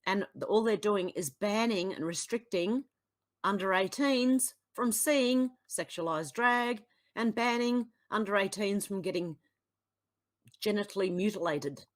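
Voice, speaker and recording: An Australian woman talking straight to camera as a political vlogger, blunt and exasperated. She reads posts aloud, then cuts in with scathing asides, her voice sitting at an ordinary middle pitch. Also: a little slow. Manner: exasperated, blunt, swings between sighs and outbursts. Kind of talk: reading posts aloud and reacting.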